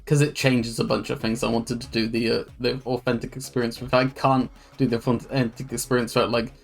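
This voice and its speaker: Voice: medium pitch, flat delivery, a little fast, vocal fry. A streamer casually commenting while playing a video game, swearing now and then. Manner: casual, swears, laid-back.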